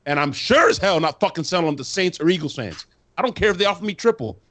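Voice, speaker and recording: A man's voice: high voice, lively intonation, quick pace, fairly bright tone, dry recording. A man co-hosting a casual sports podcast, ranting in a heated, profane way. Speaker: podcast co-host.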